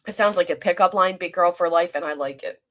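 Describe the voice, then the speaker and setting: A woman with a South Jersey accent hosting a casual livestream, chatting with viewers and reading comments in a fast, clipped, profane, teasing way. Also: fairly low pitch, fairly bright tone. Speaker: livestream host.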